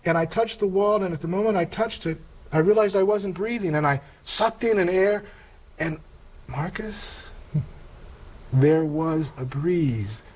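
An older man giving a personal testimony in conversation, earnest and reflective, with halting restarts. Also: sits high, a little mellow, rough recording. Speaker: interview guest telling a conversion story.

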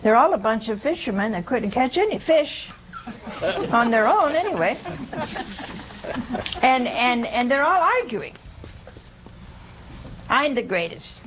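A woman's voice: on the high side, very animated, a little slow, long pauses, noisy background. Chatty woman teaching a live crowd. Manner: chatty, questions the listeners, humorous. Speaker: religious teacher. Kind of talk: informal talk to a live audience.

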